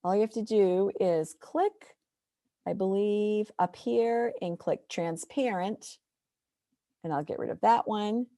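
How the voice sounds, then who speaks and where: A woman's voice: medium pitch, takes it slowly, dark tone, dry recording, studio quality. A woman teacher walking through a screen-share tutorial step by step, explaining patiently.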